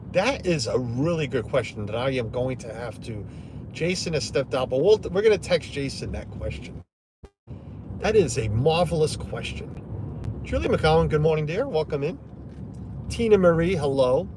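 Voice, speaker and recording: A man's voice: a little high, sing-song, moderate pace. A middle-aged man talking on a live stream from the cab of his truck, his voice rising and falling a lot. He rambles in a loose, chatty way and greets viewers as he goes, with faint background noise in the cab. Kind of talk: casual live chat. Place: inside a parked truck.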